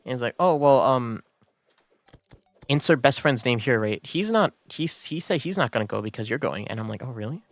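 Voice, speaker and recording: A man's voice: medium pitch, animated, moderate pace, no echo. A man streaming a game, telling a story in a casual, rambling way with many fillers and restarts. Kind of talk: casual storytelling while gaming.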